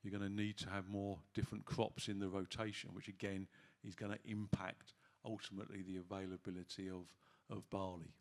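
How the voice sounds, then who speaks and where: A man's voice: low-pitched, little pitch movement, brisk, few pauses. A man finishing a conference presentation, hesitant, with filler sounds between phrases. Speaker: conference speaker. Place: conference hall.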